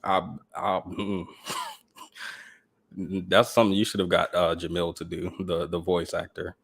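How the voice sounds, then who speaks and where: A man from Georgia speaks with a light Southern accent and a very low voice. He jokes in a dry, deadpan way as a guest on a casual livestream. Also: measured pace, creaky, breathy edge.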